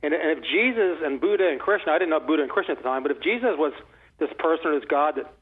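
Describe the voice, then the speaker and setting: A man in his sixties, a guest author, telling stories in a rambling, animated way full of restarts. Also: on the high side, quick pace, breathy edge. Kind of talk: casual conversational storytelling. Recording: phone-like narrow line.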